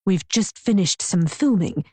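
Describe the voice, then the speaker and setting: A woman's voice: medium pitch, lively intonation, a little slow, warm tone, slightly rough, no room sound. A woman voicing a posh, pretentious middle-aged husband who takes his wine very seriously. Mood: defensive. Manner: pretentious, earnest.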